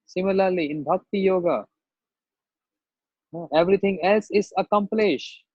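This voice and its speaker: Man preaching in a husky, muffled voice. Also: high-pitched, measured pace, darkish tone, no room sound. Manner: conversational storytelling, acts out quoted voices; non-native English phrasing. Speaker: spiritual teacher. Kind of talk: devotional sermon with personal anecdote.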